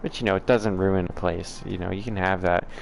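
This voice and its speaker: Man, livestream host, casual chat, somewhat low pitch, rambling, frank, filler-heavy. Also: steady tone, a little fast, creaky, a little hiss or hum. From southern United States. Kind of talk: casual chat answering viewers.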